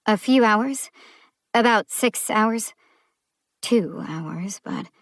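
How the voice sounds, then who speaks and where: A woman's voice: medium pitch, animated, drawn-out words, no room sound, studio quality. A woman voicing a tired, anxious young woman stopped by a cop, speaking tensely and with growing fluster.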